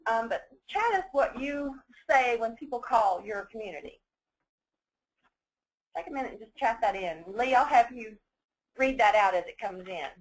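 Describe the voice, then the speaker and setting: A woman leading a phone-skills training webinar, chatty and quick, laughing now and then. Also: a little high, animated, rough recording. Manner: fast-talking, chatty, laughs often.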